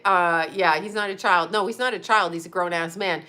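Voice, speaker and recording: A woman's voice: mid-range voice, normal speed, bright, forceful tone, smooth. A woman in her fifties who hosts as a psychic and astrologer, chatting casually on a livestream, reading viewer comments, blunt and profane, laughing often. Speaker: psychic medium and astrologer host.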